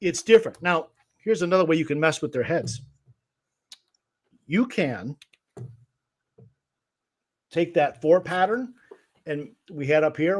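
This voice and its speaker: A man's voice: fairly high pitch, lively intonation, a little slow, pauses often. A man teaching guitar rhythm on a livestream, patiently explaining and counting beats aloud. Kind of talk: livestream music lesson.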